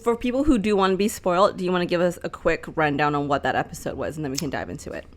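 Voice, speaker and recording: A young woman co-hosting a podcast in casual chat, chatty and full of fillers, quick to laugh. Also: on the low side, lively intonation. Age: young adult. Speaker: podcast co-host.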